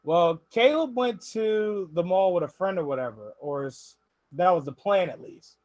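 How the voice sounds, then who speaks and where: Animated young man telling stories. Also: high-pitched, moderate pace, dry recording, highs cut off. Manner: animated storyteller, laughs often, quotes people. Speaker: podcast host. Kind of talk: casual podcast storytelling.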